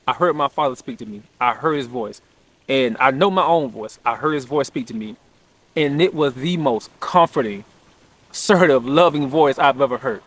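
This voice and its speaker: A young man earnestly telling a personal story, reflective, restarting often, sometimes rising sharply as he relives his disbelief. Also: on the high side. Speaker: podcaster sharing personal story.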